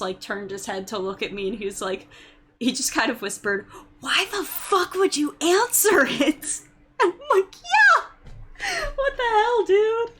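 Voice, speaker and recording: A young woman streamer chatting casually with viewers, telling stories with lots of fillers and getting loud and exasperated when she rants. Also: a little high. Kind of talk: casual chat.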